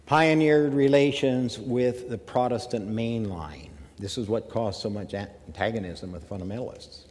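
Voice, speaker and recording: A man from the American South giving a measured academic lecture, with emphatic phrasing and pauses. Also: lowish voice, a little mellow, in a large hall. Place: lecture hall.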